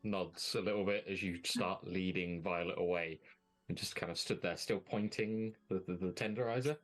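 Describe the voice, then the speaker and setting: A man narrating a tabletop game as game master, measured and descriptive. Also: low voice, fairly even intonation, soft background music.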